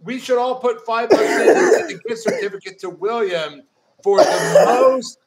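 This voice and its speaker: A man's voice: very high-pitched, huge pitch swings, moderate pace, a loud crowd. A man co-hosting a podcast in casual chat, playful and teasing, full of movie references. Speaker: podcast co-host.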